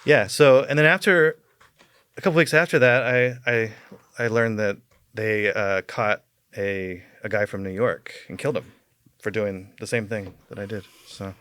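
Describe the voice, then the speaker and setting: A man's voice: lowish voice, fairly even intonation, normal speed, fairly bright tone, clear, resonant tone, no room sound. A man, a podcast guest, telling a long personal story in casual talk, rambling with many fillers and chuckling as he goes.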